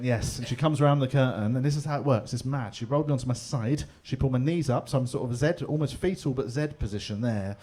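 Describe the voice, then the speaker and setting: This English stand-up comedian, middle-aged and London-accented, has a somewhat high voice with a darkish tone. His chatty, laddish set in a pub comedy room is full of free swearing, and he laughs along with his own tale in front of the live audience.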